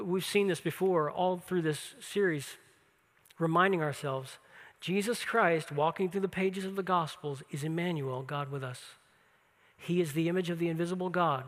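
A man preaching a sermon, telling the story with animated, acted-out quotes. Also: fairly high pitch, in a large hall. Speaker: pastor.

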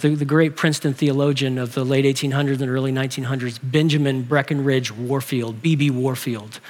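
A man's voice: medium pitch, steady tone, fairly quick, few pauses, darkish tone. A man in his forties, a pastor from Texas, preaching a sermon with humor and rhetorical questions to his congregation. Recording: long hall reverb.

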